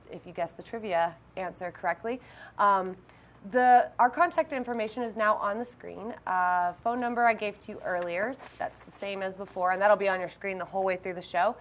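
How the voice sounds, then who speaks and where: A woman who teaches math, hosting a live call-in homework help show in a friendly way with frequent ums. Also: mid-range voice.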